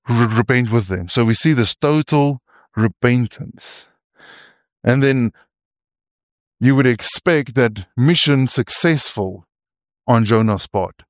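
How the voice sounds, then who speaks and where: A man's voice: mid-range voice, no echo, studio quality. A man preaching a sermon. He is earnest and often stumbles and restarts his phrases, and he turns to his listeners with asides.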